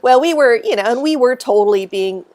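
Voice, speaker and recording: A middle-aged woman with a fairly high voice tells stories as a podcast guest. She is animated and laughs often, breaking off and restarting her sentences as she goes. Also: brisk. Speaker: guest author and researcher. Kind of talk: casual podcast storytelling.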